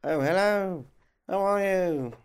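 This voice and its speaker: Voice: medium pitch, slow, smooth. A podcaster voicing a bumbling male English caller with a put-on English accent, fumbling and self-deprecating. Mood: polite. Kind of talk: improvised comedy bit.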